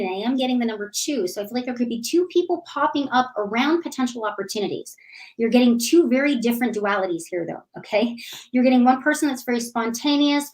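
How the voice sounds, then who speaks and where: A woman giving a live psychic reading, animated and affectionate, calling listeners sweetie and honey. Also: on the high side, low-quality recording. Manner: animated, bubbly, laughs often. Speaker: psychic reader.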